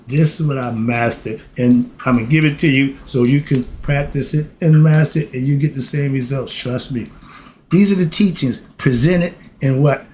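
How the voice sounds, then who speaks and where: A man's voice: medium pitch, darkish tone, slight background noise. A man giving an informal spoken lesson. His manner is streetwise and preachy; he swears and laughs, flares into heated rants, then apologizes and recollects himself. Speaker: self-styled philosophy teacher.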